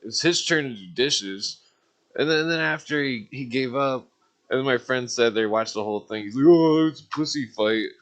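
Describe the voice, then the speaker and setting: With a mid-range, sharp-toned voice, this man calls in to a live stream and speaks fairly quickly. He rambles through stories casually, swears all the time, and pads pauses with filler words.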